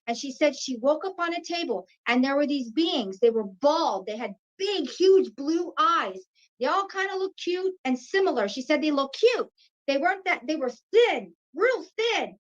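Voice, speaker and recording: A woman in her fifties telling a personal story in an animated way, acting out what people said. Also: high-pitched, normal speed. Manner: animated, acts out quoted voices. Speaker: guest. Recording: dull lo-fi sound.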